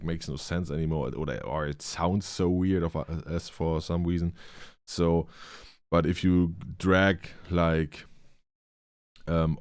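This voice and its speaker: A man with a German accent, a native German speaker, hosting a reaction video in casual commentary, halting and restarting his sentences as he searches for words. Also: low-pitched, darkish tone, dry recording, clean studio sound. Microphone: studio dynamic microphone.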